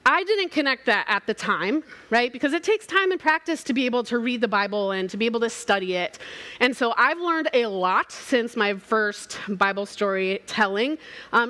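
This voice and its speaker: A woman preaching a sermon, telling a story in a playful, animated way and acting out the voices in it. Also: high-pitched. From Southern California. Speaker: pastor.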